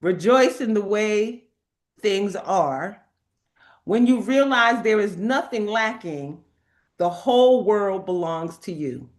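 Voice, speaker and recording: Animated laughing woman host. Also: medium pitch, slow. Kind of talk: spiritual talk and card reading.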